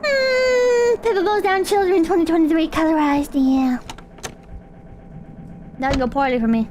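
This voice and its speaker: A woman's voice: very high voice, measured pace. A young woman streaming a video game, chatting casually with sarcastic, rambling asides and mock insults. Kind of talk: casual gameplay commentary. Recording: clear background noise.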